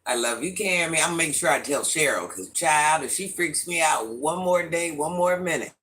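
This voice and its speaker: Chatty livestreamer with a higher voice. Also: male voice, normal speed. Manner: chatty, addresses viewers by name, animated. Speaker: livestream host. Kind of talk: casual livestream chat reading viewer comments.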